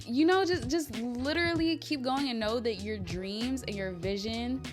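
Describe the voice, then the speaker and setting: A young woman vlogging from her bedroom, gushing and tearful, talking in quick bursts with lots of fillers. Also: on the high side, faint music behind. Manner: tearful, gushing, talks in bursts with many likes. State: crying on and off. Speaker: vlogger and talk show creator. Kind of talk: emotional personal vlog. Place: at home, bedroom.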